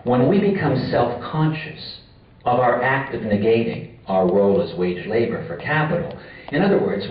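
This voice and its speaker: A man giving an academic lecture at a conference, measured and repeating key phrases for emphasis. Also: mid-range voice. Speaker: conference speaker. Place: conference room. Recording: far-off echoey lo-fi hall recording.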